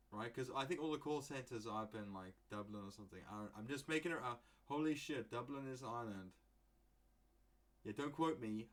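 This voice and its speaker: A young man from England hosts his own podcast in a loose, rambling monologue. He swears casually, drifts into jokey asides and keeps a mid-pitched, ordinary voice throughout. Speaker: podcast host.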